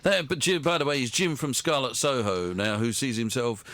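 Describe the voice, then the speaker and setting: A man's voice: mid-range voice, normal speed, a bit bright, no echo. A man hosting a radio show, telling rambling anecdotes in casual chat and chuckling along.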